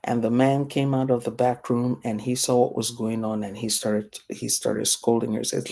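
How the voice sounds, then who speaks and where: A middle-aged woman from Africa teaches a class through a personal story. Her voice is gravelly, dark and mellow, and she acts out the voices of the people she quotes. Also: a bass voice, level tone, moderate pace, hardly any pauses.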